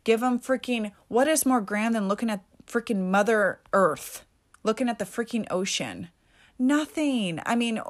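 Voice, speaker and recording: A woman hosting a solo motivational podcast, talking in an emphatic, casual way with mild swearing. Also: mid-range voice. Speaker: podcast host.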